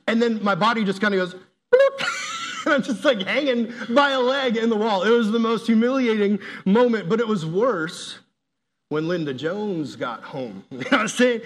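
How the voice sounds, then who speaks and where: A man's voice: high voice, normal speed, slight background noise. A man preaching a casual, jokey sermon, telling stories and laughing as he talks. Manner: animated, jokey storytelling with laughs. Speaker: youth pastor.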